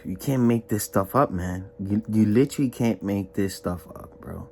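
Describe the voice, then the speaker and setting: A man's voice: moderate pace, slight background noise. A young man giving a casual, emphatic spoken testimony, slangy and full of repetition. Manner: animated and emphatic, repeats himself, slangy; drops low and quiet when reflecting. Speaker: vlogger giving a church testimony.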